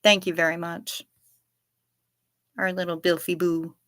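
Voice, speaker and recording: A woman's voice: lowish voice, level tone, measured pace, a bit bright. A woman hosting a livestream, reading out viewer chat and replying in a jokey, profane, rambling way. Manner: jokey and profane, musing aloud with restarts. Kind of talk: casual chat.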